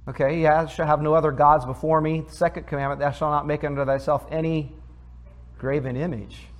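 A man's voice: on the high side, level tone, fairly quick. A man, a pastor, reading scripture aloud and explaining it in a conversational sermon, asking the congregation questions. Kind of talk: sermon, Bible teaching.

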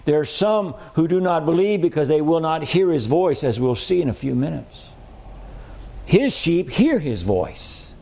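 Preacher, male, mellow tone, emphatic sermon delivery, slows for scripture. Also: on the high side, gravelly. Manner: emphatic, repeats key phrases, slows on scripture.

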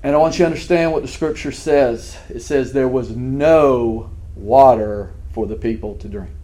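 A man's voice: medium pitch, moderate pace, mellow. A man preaching a sermon as pastor, earnest and fervent, often restarting his words.

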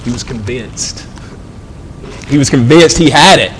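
A middle-pitched man delivers a sermon in an earnest, conversational way, stumbling and repeating words as he works through his point. His voice rings with the long reverb of a large hall. A faint low rumble sits underneath. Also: animated, a little slow, long pauses. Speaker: pastor.

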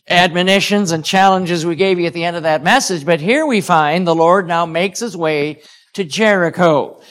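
A man preaching a sermon, praying and telling stories in an earnest way. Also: high-pitched. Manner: earnest, storytelling with chuckles.

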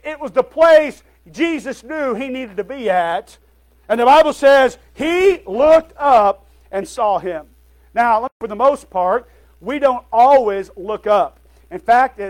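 A male pastor preaching a sermon to his congregation, calling out "Amen?" and "folks" often and sometimes stumbling over his words. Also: high voice.

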